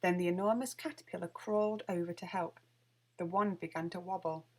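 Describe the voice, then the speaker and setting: A woman reading a children's picture book aloud with lively, expressive storytelling. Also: lowish voice, a little fast. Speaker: storybook reader.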